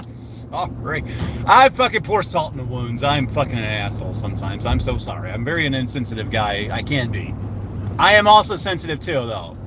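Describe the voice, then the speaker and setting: A man's voice: high-pitched, noisy background. An older man rambling in a casual live-stream chat while driving, swearing freely and talking to his viewers by name.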